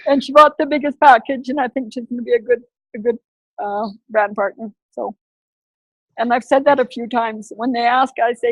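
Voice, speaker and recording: A high-pitched woman speaks on a video call, tearful and weepy as she shares. Her voice is breathy and husky, and the sound is very dry and close. She laughs through her tears and keeps apologizing. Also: steady tone, moderate pace, no echo, rough recording. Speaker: group call participant. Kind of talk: casual video call sharing.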